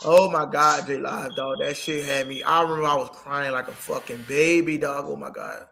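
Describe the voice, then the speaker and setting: Give me a man with a bright, high voice, heated and profane in casual sports talk. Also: fairly even intonation, normal speed, vocal fry. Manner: heated, profane, emotional ranting. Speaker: co-host.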